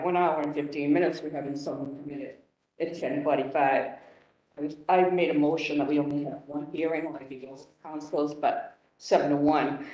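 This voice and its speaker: A woman's voice: deep voice, a little mellow, recorded from a distance. An older woman on a council, speaking at a hearing in an emotional, rambling, outspoken way. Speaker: council member. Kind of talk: hearing remarks. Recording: roomy, off-mic in a hall.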